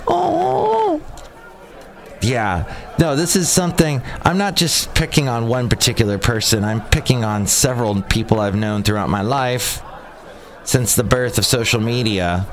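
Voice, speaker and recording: A man hosts a casual solo podcast, talking outdoors near a cafe at a middle pitch. He rambles, doubles back on his own sentences, and keeps a dry sarcastic edge. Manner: sarcastic, rambling, with frequent restarts. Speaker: podcast host.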